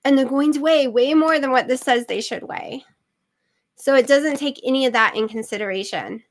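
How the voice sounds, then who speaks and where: A middle-aged woman with a high-sitting voice hosts her channel at a moderate pace. It's a casual livestream chat in which she rambles along, using lots of fillers.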